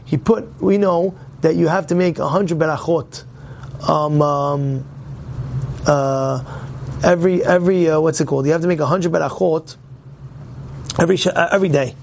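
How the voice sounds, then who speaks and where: A man's voice: a little high, fairly even intonation, normal speed, vocal fry, long pauses, darkish tone, slight background noise. A man teaching a religious class to his congregation, emphatic, repeating himself and asking rhetorical questions.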